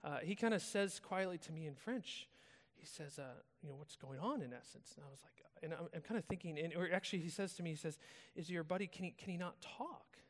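High-voiced American man preaching in a hall. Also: fast talker. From United States. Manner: casual storytelling, conversational. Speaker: pastor. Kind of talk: sermon. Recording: long reverb of a large hall.

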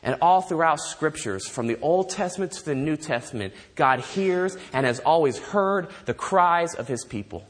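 A man preaching a sermon, animated, asking his listeners rhetorical questions. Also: on the high side, normal speed, hardly any pauses. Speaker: pastor.

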